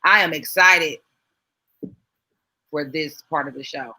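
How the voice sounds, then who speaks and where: A woman's voice: low voice, takes it slowly, very noisy. A woman co-hosting a casual live-stream talk show, upbeat and teasing, laughing often between plugs for the show. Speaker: co-host.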